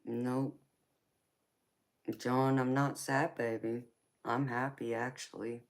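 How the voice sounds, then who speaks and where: Slow, laid-back Southern woman. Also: a bass voice, little pitch movement, vocal fry. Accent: Southern American. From Georgia, United States. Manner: affectionate, calls viewers honey and baby; slow, unhurried, laughs often. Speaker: tarot reader hosting a live stream. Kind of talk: live stream chat with viewers.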